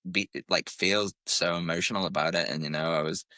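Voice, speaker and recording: Deep, bright man in casual chat. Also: steady tone, brisk, no echo. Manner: rambling and candid, heavy use of "like". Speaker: podcast co-host.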